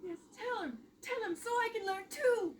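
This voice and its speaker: A man voicing a shrill, frightened ogre's wife in a squeaky falsetto, pleading. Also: normal speed, faint music behind.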